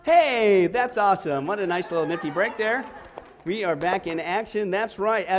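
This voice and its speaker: A man's voice: high-pitched, moderate pace. A man teaching a discipleship Bible class to a live group, playful and jokey, often checking in with "okay?" and "right?".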